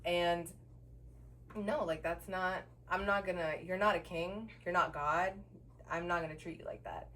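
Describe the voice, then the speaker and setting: A woman with a lowish voice speaks at a measured pace, recorded on a distant mic with a little hiss or hum. Co-hosting a podcast, she casually tells a story, acts out the people she quotes with animation, and swears freely.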